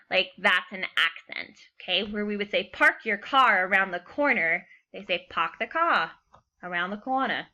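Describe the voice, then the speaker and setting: A woman's voice: on the high side, sharp tone. A young woman teacher giving a recorded class lecture, chatty and casual, often checking in with "okay". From United States.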